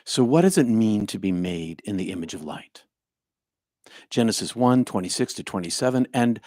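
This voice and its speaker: An older man leading a livestreamed meditation and spiritual talk, speaking slowly and deliberately with emphatic stresses and quiet, hushed stretches. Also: lowish voice, lively intonation, no echo, studio quality. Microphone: home streaming microphone.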